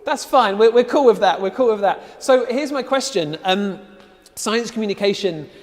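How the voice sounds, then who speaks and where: A man's voice: high-pitched, lively intonation, normal speed, in a large hall, soft background music. A man hosting a live online event, upbeat and chatty with frequent fillers. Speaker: host.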